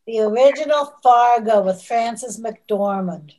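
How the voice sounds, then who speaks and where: A woman who writes novels, answering questions in a measured, thoughtful way during a casual chat. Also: fairly high pitch, darkish tone, rough recording. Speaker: novelist guest.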